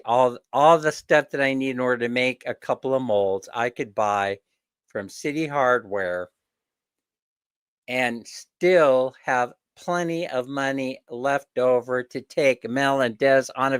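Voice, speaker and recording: A man's voice: medium pitch, fairly even intonation, a little slow, smooth, no room sound, studio quality. A man hosting a casual live chat with viewers, telling stories, chuckling often, and mimicking the people he quotes. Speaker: host.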